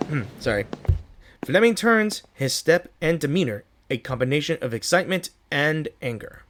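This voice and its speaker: A man's voice: fairly high pitch, animated, moderate pace, a little hiss or hum. A man who makes gaming videos, casually reading a game's story aloud, often stumbling and correcting himself. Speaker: gaming YouTuber. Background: game music.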